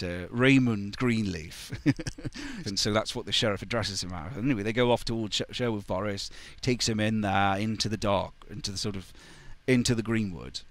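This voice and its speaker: A man's voice: medium pitch, a bit bright, no echo. A young man giving a casual storytelling lecture on a video channel, chatty, with asides and restarts. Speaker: YouTube presenter on medieval ballads.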